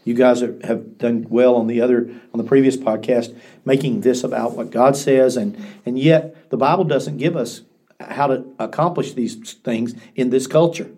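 A man's voice: mid-range voice, fairly even intonation, normal speed, mellow, breathy edge. An older man, a pastor, telling stories in an earnest, reflective way, often restarting his sentences during a podcast interview. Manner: earnest storytelling with frequent restarts.

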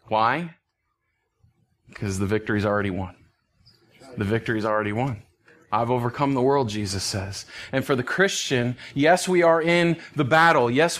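Earnest pastor, a man teaching scripture. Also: fairly high pitch. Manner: earnest, emphatic, with soft laughs and hushed phrases. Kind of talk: expository Bible teaching.

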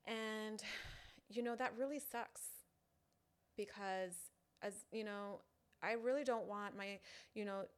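A woman who creates online content talks casually to her fans in a halting way, full of fillers. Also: medium pitch, fairly even intonation, clean tone. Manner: chatty, halting, full of "you know" fillers. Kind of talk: casual direct-to-camera talk.

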